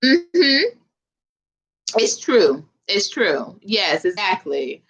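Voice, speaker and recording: A woman's voice: mid-range voice, sing-song, extremely slow, a bit bright, husky. A young woman from Philadelphia hosting a casual livestream, chatting loosely with viewers in a slangy, direct way. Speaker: livestream host.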